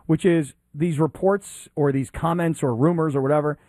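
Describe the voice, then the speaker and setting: Joking guy on a sports pod, slightly high voice, dry close mic. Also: fairly even intonation, moderate pace, dark tone, no echo. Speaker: sports podcast co-host. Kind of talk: casual chat.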